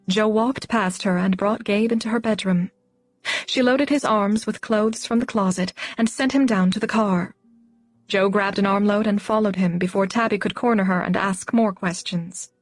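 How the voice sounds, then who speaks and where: A woman narrating a novel as an audiobook in a steady, even storytelling voice. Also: mid-range voice.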